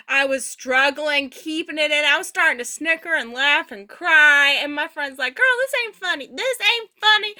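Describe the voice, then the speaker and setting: A woman voicing a signed personal anecdote as an interpreter, casual and animated, chuckling often. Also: high voice. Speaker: sign language voice interpreter.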